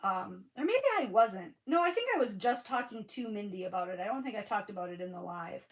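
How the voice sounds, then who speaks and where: A woman's voice: medium pitch, animated, a little fast, rough recording. A middle-aged woman, chatting casually with viewers on a craft livestream, gushing and answering comments by name. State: sniffling after crying. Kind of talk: casual live-stream chat with viewers.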